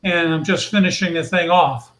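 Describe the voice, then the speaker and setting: A man's voice: fairly high pitch, normal speed, fairly bright tone. A man on a casual video call, patiently explaining aircraft details and his model building. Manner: knowledgeable, explains aircraft designations step by step. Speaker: guest on a hobby hangout. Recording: roomy echoey room sound.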